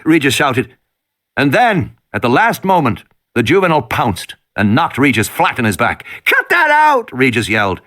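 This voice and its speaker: A man reading an audiobook in an expressive, dramatic narration. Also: fairly high pitch.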